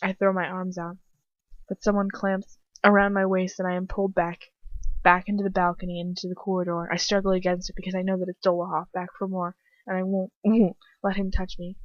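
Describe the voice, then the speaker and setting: A woman's voice: lowish voice, little pitch movement, fairly quick, dry recording. Young woman reading fanfiction aloud. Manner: breaks off to comment and joke about the text. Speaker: fanfiction reader. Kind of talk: first-person story reading with asides. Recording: dry, dull home recording.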